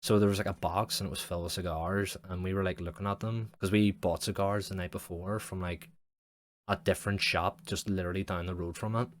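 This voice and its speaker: A young man with a deep voice rambles through a story on his podcast. He swears freely and fills nearly every pause with "like". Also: steady tone. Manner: rambling, sweary, heavy use of "like". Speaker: podcast host. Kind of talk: casual storytelling monologue.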